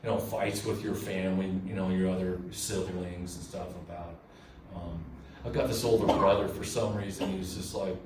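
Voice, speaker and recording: A man's voice: deep voice, fairly even intonation, normal speed. Candid man telling his recovery story at a meeting, off-mic in an echoey room. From southern California. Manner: candid and conversational, many fillers and restarts. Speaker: AA meeting speaker. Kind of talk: personal recovery share. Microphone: room recording from a distance. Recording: echoey room, distant mic, faint noise.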